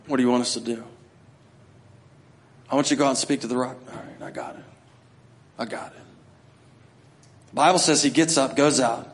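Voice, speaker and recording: A middle-aged man preaching a sermon to his church, talking conversationally and acting out scenes. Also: mid-range voice. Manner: conversational preaching, acts out voices, builds to shouting. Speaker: pastor.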